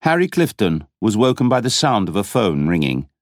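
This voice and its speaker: Man reading an audiobook, dramatic and expressive, lots of pitch movement, dry close mic. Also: moderate pace, dry recording. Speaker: audiobook narrator. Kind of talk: scripted narration.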